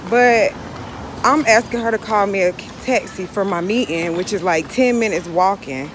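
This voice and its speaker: Woman vlogger, hot and out of breath, frank and irritated, mid pitch, traffic noise behind. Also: moderate pace. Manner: frank, irritated venting, then motivational. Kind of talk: casual vlog talk to camera. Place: outdoors on city streets. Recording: street noise under the voice. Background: street and traffic noise.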